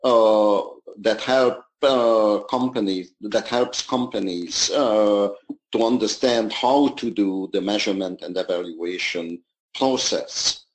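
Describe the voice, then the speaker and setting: A man speaking as a panelist in a panel discussion, halting and pausing often with fillers as he talks. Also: lowish voice, rough recording. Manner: halting, with many pauses and fillers.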